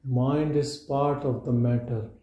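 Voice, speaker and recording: A man giving a meditative spiritual talk at a live gathering, in slow, measured short statements with long pauses. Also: medium pitch, fairly even intonation, highs cut off. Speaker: spiritual teacher. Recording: roomy echo.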